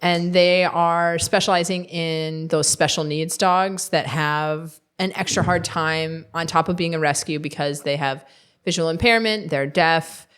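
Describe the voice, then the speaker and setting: A woman in her thirties from Minnesota talks as a guest in a casual interview. Her voice sits a bit low and sounds smooth and clear. She tells her story in a chatty way, with quick asides. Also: steady tone, fairly bright tone. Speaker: guest dog trainer.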